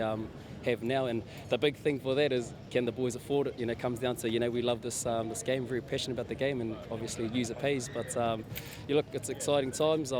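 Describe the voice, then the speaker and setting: A New man, a team captain giving an earnest, halting post-match interview outdoors. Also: mid-range voice. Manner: earnest, halting, many fillers. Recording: outdoors with crowd noise.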